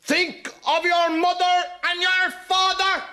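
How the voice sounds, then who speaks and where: An Irish man voicing a prim, preachy old nun in a shrill falsetto. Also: level tone, slow pace, sharp tone, exaggerated voice. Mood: scolding.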